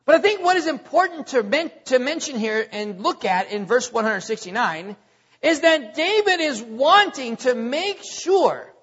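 High-voiced preacher, husky and echoing. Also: male voice, a bit bright. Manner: preaching with call-and-response questions; stretches key words slowly for emphasis. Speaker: pastor. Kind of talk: sermon. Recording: dull lo-fi audio with long reverb.

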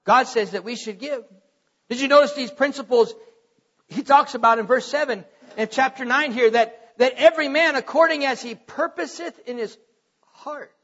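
A man's voice: extremely high pitch, normal speed, a bit bright, in a large hall, lo-fi sound. A man, a pastor, preaching a sermon to his congregation in a conversational way, growing emphatic as he retells scripture.

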